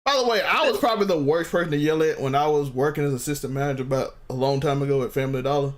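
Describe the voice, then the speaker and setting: A man's voice: on the high side, very fast. A man co-hosting a casual commentary show, telling laid-back stories and laughing often. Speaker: show co-host.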